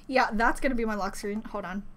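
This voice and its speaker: A woman hosting a fan reaction video, gasping, squealing and repeating words in excited disbelief. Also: fairly high pitch, background noise.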